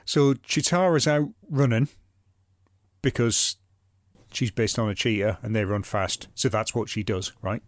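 A man's voice: medium pitch, measured pace, dry recording. A man hosting a podcast, moving between scripted narration and wry, lightly sweary chat. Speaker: podcast host.

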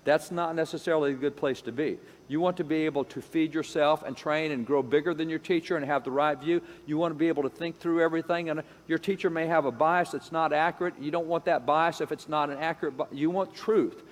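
A man's voice: on the high side, steady tone, fast talker, hardly any pauses. A man giving an emphatic lecture-style talk, repeating phrases and acting out the voices he quotes. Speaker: speaker on education history. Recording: long hall reverb.

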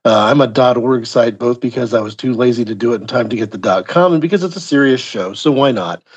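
A man's voice: mid-range voice, fast talker, husky. A male podcast host chatting casually and plugging his show with a wry, offhand manner. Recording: dull lo-fi audio.

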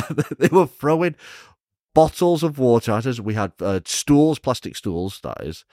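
A man with an English accent, a professional wrestler telling stories in a casual interview, animated and chuckling often. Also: medium pitch, measured pace, no echo, studio quality. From England.

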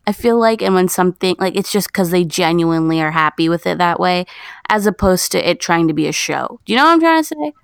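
Blunt woman with a gravelly edge. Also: on the low side, animated, fast, no echo, studio quality. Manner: blunt, opinionated. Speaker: podcast co-host. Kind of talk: casual chat.

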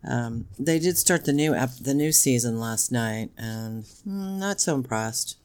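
A man's voice: mid-range voice, expressive, a little slow, a little mellow, smooth. Rambling, joking man podcast co-host. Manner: joking, rambling, laughs often. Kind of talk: casual chat.

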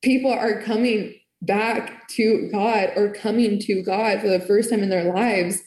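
An earnest woman tells her faith story in casual, heartfelt speech, with plenty of "like" as she goes. Her pitch sits in the middle. The recording is echoey, as if made in a bare room. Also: fairly even intonation, unhurried, a little mellow. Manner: earnest and emotional, lots of "like". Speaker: faith testimony speaker. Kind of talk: personal testimony, casual.

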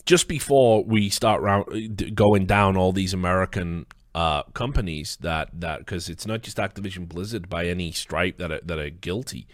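A man's voice: low voice, normal speed, few pauses, dry recording, studio quality. A man hosting a commentary video, delivering an angry rant full of swearing and rhetorical questions.

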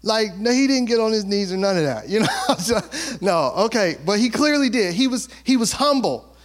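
Lively high-voiced pastor preaching casually. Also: male voice, moderate pace. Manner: conversational, playful, acts out quotes, laughs often. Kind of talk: sermon.

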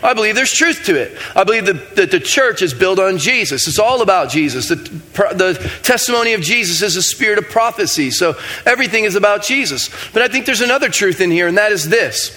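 A man's voice: high voice, lively intonation, brisk, few pauses, pushed and bright. A man preaching a sermon in a casual, joking manner with playful asides. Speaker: pastor.

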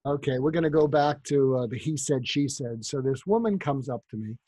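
Husky, mellow man telling anecdotes. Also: mid-range voice, a little fast, dry recording. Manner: animated storyteller, acts out quoted voices. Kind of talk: anecdotal advice in conversation.

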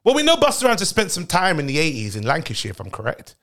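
A British man hosting a podcast, chatting casually in a rowdy, high-energy way and laughing often. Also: huge pitch swings, fast talker, fairly bright tone. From United Kingdom. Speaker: podcast host.

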